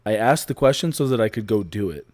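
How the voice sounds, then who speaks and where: Low, mellow-voiced man, laughing defensively. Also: lively intonation, fast talker. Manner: defensive, laughing, reasoning things out. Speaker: podcast co-host, husband. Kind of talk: casual couple banter.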